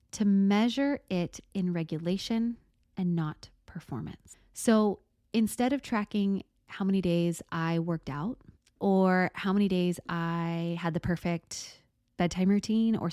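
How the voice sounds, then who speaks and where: Gentle woman hosting a reflective podcast. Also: fairly low pitch, no room sound, studio quality. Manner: gentle, thoughtful, often slows to stress words. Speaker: podcast host. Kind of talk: reflective solo podcast talk.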